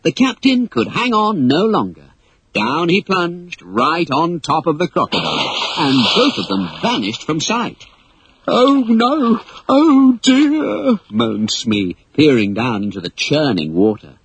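A man reading a children's story aloud as narrator, in an expressive storybook style. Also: fairly high pitch, measured pace, a little hiss or hum, poor audio. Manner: animated, expressive read-aloud.

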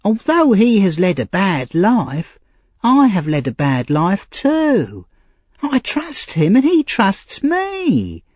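A male narrator voicing a frightened, troubled young woman in a high, slow, pleading voice for an audiobook. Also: huge pitch swings, darkish tone, dry recording, heavily acted. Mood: fearful pleading. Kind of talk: audiobook character reading.

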